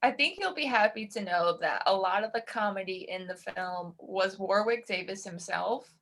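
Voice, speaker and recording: A woman co-hosting a casual horror-film chat, talking in a chatty, animated way and laughing often. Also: mid-range voice, normal speed. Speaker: podcast co-host.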